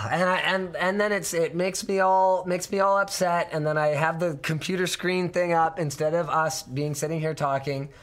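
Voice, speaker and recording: A man with a hoarse, sick-sounding voice hosts a casual podcast chat. His pitch sits somewhat high for a man, and he rants with clear exasperation. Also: steady tone, normal speed, fairly bright tone. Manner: exasperated, ranting. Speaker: show host.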